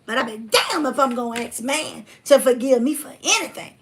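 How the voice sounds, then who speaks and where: A woman hosting a livestream, talking bluntly and fiery, reading viewer comments and swinging from loud to hushed. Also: high voice, animated, normal speed, heavy background noise. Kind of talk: casual preachy livestream talk.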